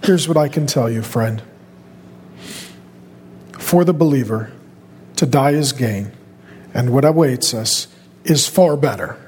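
A man preaching a fervent sermon as a pastor, building from steady talk to loud, pleading shouts. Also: medium pitch, slow, long pauses, in a large hall, slight background noise.

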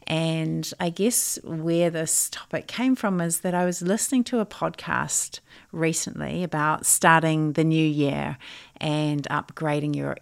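Low gravelly-voiced middle-aged woman coach. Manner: thoughtful, earnest, with occasional laughs. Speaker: coach and podcast host. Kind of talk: reflective solo podcast talk.

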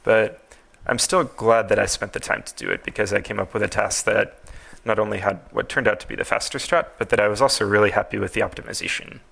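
A man's voice: fairly low pitch, fairly even intonation, quick pace, gravelly, a bit bright. A man as a podcast guest, talking in a thoughtful, hedging way with many fillers. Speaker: podcast guest, TAS creator. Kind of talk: casual podcast interview.

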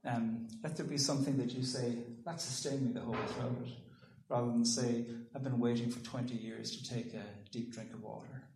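A man giving a thoughtful public talk, pausing and restarting, and reading a poem aloud. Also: mid-range voice, fairly even intonation, darkish tone, a little hiss or hum. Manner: thoughtful, halting with ums and restarts. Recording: roomy echo.

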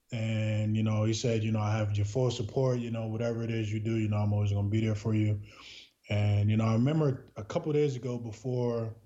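Guy from new jersey, mellow low-key voice, earnest and rambling, kinda dull lo-fi sound. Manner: earnest, heavy with filler words. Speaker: podcast guest. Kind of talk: casual storytelling. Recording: dull lo-fi recording.

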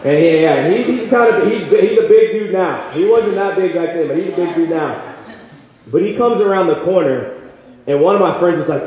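A man's voice: a little high, animated, normal speed. Passionate young man preaching in an echoey hall. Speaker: campus retreat speaker. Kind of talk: sermon with personal story. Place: large hall at a retreat. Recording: echoey hall, dull sound.

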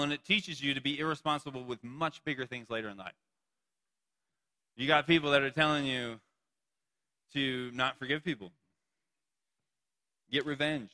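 A man's voice: mid-range voice, sharp tone, long reverb tail. A young man preaching a sermon to a youth group, playful and joking between points. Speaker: youth pastor.

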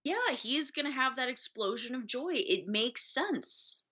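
Woman, podcast co-host, casual film chat, bright tone, muffled lo-fi sound. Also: high-pitched, very animated, a little slow, husky. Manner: enthusiastic, acts out movie lines. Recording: dull lo-fi audio.

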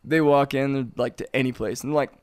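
A man co-hosting a rowdy podcast, joking crudely and laughing constantly, sounding high. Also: steady tone, quick pace, darkish tone, smooth. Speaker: podcast co-host. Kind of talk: rowdy casual chat among friends.

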